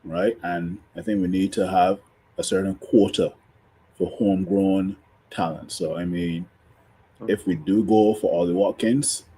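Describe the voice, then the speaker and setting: A man on a fan panel in casual chat over a video call, speaking hesitantly and filling pauses with "um". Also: sits low, steady tone, mellow, a little hiss or hum.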